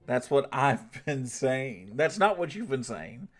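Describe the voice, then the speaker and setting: A man from the United States hosts a relaxed livestream, talking straight to his viewers. His delivery is casual and full of cursing and teasing. His voice swings widely in pitch. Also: slow pace, faint music behind. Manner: laid-back, swears freely, laughs often, teases chat. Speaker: streamer reading and answering chat.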